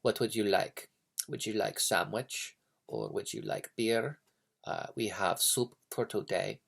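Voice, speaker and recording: A man voicing a curt, terse Russian waiter with a flat, clipped delivery. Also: deep voice, measured pace, vocal fry, full character voice.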